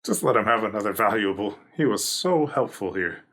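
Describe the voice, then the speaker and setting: A man with a gravelly, fry-edged voice sitting a little low in pitch. He comments in a loose, jokey way, laughing often as he reacts. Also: expressive, fairly quick, fairly bright tone. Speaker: reaction video host.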